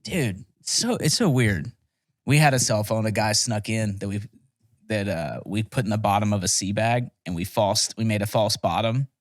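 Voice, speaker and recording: A man's voice: lowish voice, moderate pace, no room sound, clean studio sound. A young man telling rambling, profane stories in a casual podcast chat. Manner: rambling, profane storytelling with laughs. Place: podcast studio.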